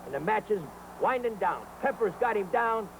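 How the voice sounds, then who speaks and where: A man commentating a wrestling match with hyped, over-the-top excitement, talking straight to the fans. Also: high voice, normal speed, noisy background.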